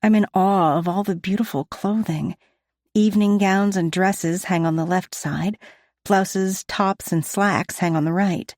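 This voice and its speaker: A woman narrating a first-person audiobook in a steady, even storytelling manner on a close studio mic. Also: mid-range voice, unhurried, dry recording.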